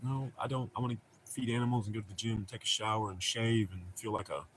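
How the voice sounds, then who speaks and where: A man's voice: lowish voice, fast, a little hiss or hum. A middle-aged man with a Southern American accent, chatting casually and telling rambling, profane stories on a stream. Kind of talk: casual chat.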